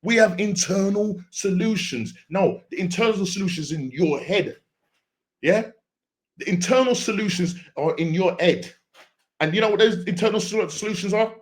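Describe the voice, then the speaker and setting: High-voiced man ranting about football. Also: lively intonation, normal speed. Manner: exasperated, ranting, repeats phrases and restarts words. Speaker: football fan channel host. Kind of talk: post-match fan reaction rant.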